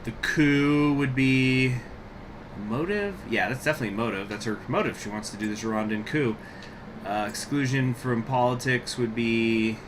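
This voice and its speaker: A man's voice: mid-range voice, background noise. A man hosting a gaming channel, giving casual let's-play commentary and musing to himself with frequent hesitations.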